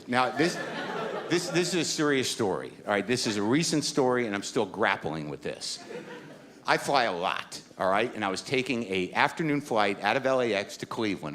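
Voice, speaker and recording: A middle-aged man performing stand-up comedy, telling a story in a rambling, anxious and emphatic way. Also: lowish voice. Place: comedy stage.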